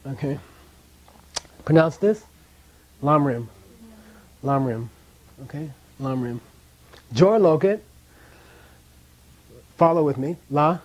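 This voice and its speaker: A man's voice: fairly high pitch, expressive, slow pace, long pauses, a little mellow. A man teaching a language class in a classroom, chatty, often checking in with "okay?" and drilling pronunciation.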